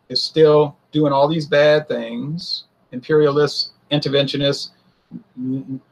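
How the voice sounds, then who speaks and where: A man giving a casual political opinion monologue, animated, often mimicking others in a high mocking voice. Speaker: political commentator.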